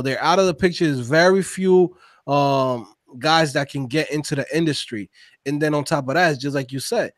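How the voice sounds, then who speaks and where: A man co-hosting a casual podcast conversation, talking in an animated, slangy, emphatic way. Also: on the high side, dry recording, clean studio sound. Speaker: podcast co-host.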